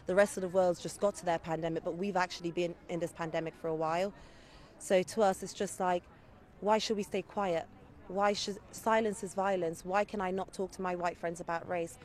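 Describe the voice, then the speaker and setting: Low-voiced woman asking earnest questions. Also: steady tone, fairly quick, a little mellow. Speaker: interviewee. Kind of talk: interview answer.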